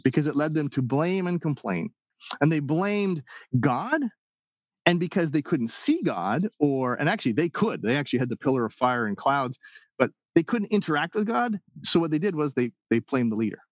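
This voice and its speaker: A man preaching a sermon in an animated way, acting out the people's and God's words as he goes. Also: on the high side, brisk, dry recording, highs cut off. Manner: animated preaching, acts out quoted voices. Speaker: pastor.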